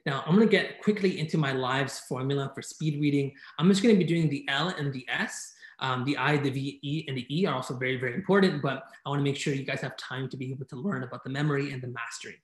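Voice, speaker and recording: A man giving an energetic online presentation, talking enthusiastically and often checking in with "right?" as he teaches. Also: medium pitch, reverberant. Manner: enthusiastic, fast-talking, keeps asking "right?". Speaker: conference speaker teaching speed reading. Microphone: video call.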